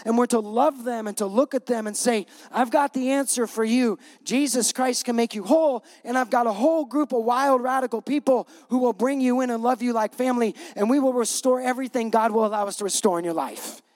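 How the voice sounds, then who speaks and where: Speaking with a very high, somewhat dark voice, this middle-aged male pastor talks fairly quickly and barely pauses. His sermon is conversational and emphatic, built on repeated punch lines, and he chokes up and laughs through his feelings.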